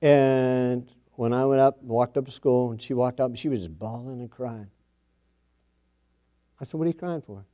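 A man's voice: mid-range voice, flat delivery, measured pace, pauses often, dark tone, muffled recording. A middle-aged man preaching a sermon, telling a homespun family story with a folksy, repetitive style. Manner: folksy storytelling, repeats phrases for emphasis.

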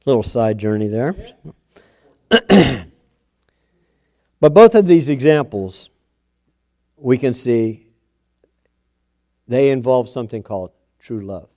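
A man's voice: medium pitch, expressive, slow pace, pauses often, warm tone. A middle-aged man preaching a sermon, telling a homespun family story with a folksy, repetitive style. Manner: folksy storytelling, repeats phrases for emphasis.

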